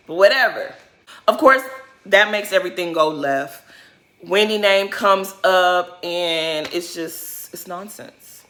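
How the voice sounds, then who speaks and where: Sassy woman spilling tea on a reality show, blunt, cusses a lot, bright sharp voice. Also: on the low side, expressive, a little slow. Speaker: reality TV recap YouTuber. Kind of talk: casual commentary recap.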